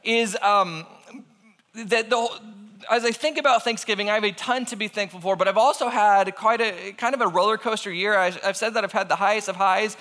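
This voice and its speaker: A man in his thirties tells a lively personal story to an audience with a high, bright voice. He throws himself into the quoted lines. His voice rings out in a long hall reverb. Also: fairly quick. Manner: animated, acts out voices in quotes. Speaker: speaker telling a personal story.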